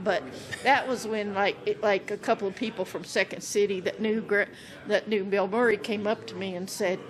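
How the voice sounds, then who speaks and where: A woman guest on a podcast, telling a lively anecdote and acting out the scenes she describes, often breaking into laughter. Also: medium pitch. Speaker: podcast guest, animal wrangler. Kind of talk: casual storytelling.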